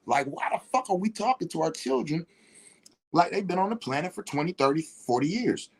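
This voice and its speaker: A man's voice: high-pitched, expressive, brisk, slightly rough. A man talking casually on his livestream, rambling and repeating "you know what I'm saying" as he explains his views. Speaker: livestream host.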